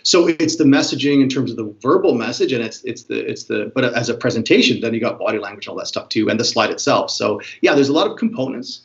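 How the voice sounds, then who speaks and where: A man's voice: medium pitch, lo-fi sound. A man, a body language expert, explaining communication in an interview and acting out different tones of voice as examples. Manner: fast, animated, demonstrates tones of voice.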